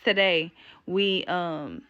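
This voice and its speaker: A woman's voice: on the low side, drawn-out words, a bit bright, highs cut off. Blunt, indignant woman ranting to viewers. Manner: indignant, blunt, swears freely; addresses viewers directly. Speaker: vlogger. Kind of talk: casual storytime rant.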